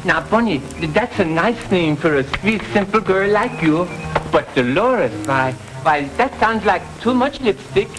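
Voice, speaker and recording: An actor playing a simple, gentle man devoted to his elephant, speaking with a soft stammer, in a 1940s film comedy. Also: high voice, animated, a little slow, background noise. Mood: pleading. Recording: old film soundtrack with music.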